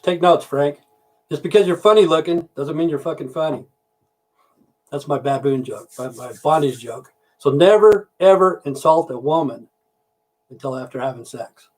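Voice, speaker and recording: Telling a drawn-out dirty joke on his livestream, the man, who drives trucks for a living, wanders through it with plenty of profanity. He has a slightly high, mildly mellow voice.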